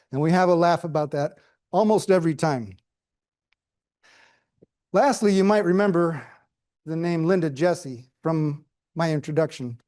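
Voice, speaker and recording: A man's voice: on the high side, darkish tone, no room sound. A middle-aged man giving a prepared speech with humorous storytelling, dry asides and questions to the audience. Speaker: club speaker.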